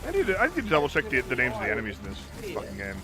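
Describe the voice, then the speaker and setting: A man's voice: mid-range voice, wildly swooping pitch, rapid-fire. A man streaming a game, chatting casually with friends, laughing and swearing. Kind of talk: casual gaming chat with friends. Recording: game music underneath.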